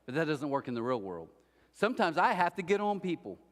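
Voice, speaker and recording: A middle-aged man preaching a sermon as pastor, telling stories and acting out quoted voices with lively swings. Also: a little high, brisk. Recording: church hall reverb.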